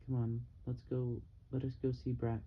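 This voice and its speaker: A man's voice: medium pitch, monotone, normal speed, close to an everyday voice. A man reading the lines of a dry, sardonic older painter in an audiobook. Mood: wry. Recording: dull, slightly muffled with faint hiss.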